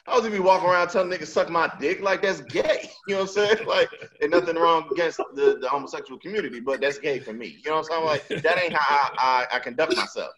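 A man co-hosting a podcast in casual banter, an animated storyteller who laughs a lot and acts out the lines he quotes. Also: a little high, fast, hardly any pauses. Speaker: podcast co-host. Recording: dull lo-fi sound.

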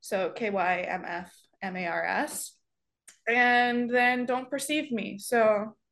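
A woman's voice: on the high side, slow pace, a bit bright. Woman with a slight Midwestern accent. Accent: slight Midwestern American. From American Midwest. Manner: laughs easily, joking back. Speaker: podcast guest. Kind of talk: casual chat.

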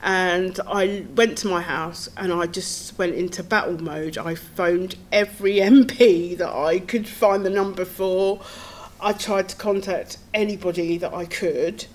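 A woman's voice: lowish voice, steady tone, measured pace, a little mellow. A middle-aged woman, a podcast guest telling her own story in an earnest, tumbling way, with nervous laughs. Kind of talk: personal storytelling.

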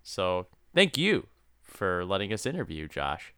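Low-pitched, bright and forceful with a clean tone, this young podcast co-host speaks a little slowly in a sing-song way. He laughs a lot during the casual chat and keeps stammering and restarting his sentences. The sound is studio quality with no echo.

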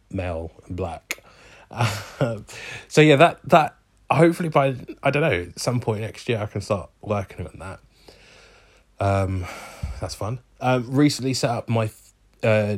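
A young man chatting casually to camera in a vlog, rambling with lots of ums, restarts and self-corrections. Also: on the low side. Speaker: vlogger.

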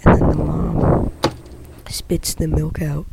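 Gravelly-voiced joking man, noisy mic. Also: fairly high pitch, little pitch movement, slow. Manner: joking, goofy, often half-whispered. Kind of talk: casual chat among friends. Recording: loud background noise.

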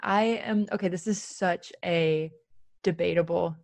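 A woman from California co-hosting a casual chat, talkative and quick to laugh, with many fillers. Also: fairly low pitch, steady tone, vocal fry, a little mellow, no echo.

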